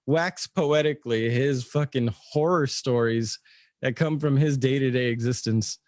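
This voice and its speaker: A man's voice: medium pitch, a little slow, a little mellow, no room sound, studio quality. A man co-hosting a casual podcast, asking rambling questions and swearing casually. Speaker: podcast co-host.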